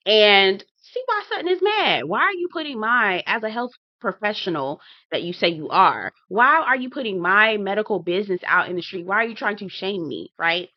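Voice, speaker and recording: A woman's voice: medium pitch, lively intonation, normal speed, dry recording. Chatty woman, dull dry audio. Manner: chatty, addresses viewers directly, acts out her own reactions. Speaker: TV reality show reviewer. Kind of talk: casual commentary to viewers.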